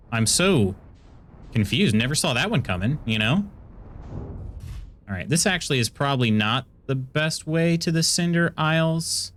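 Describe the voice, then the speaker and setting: American man streaming a game, chatty and playful. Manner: chatty and playful, jumps into high excited bursts. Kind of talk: casual gameplay commentary, chatting with viewers.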